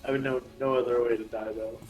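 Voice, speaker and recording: A man's voice: medium pitch, level tone, fast, a little mellow, highs cut off, soft background music. A man playing a tabletop game with friends, teasing and cracking jokes. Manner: teasing, joking. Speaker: player. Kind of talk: casual joking chat over voice chat.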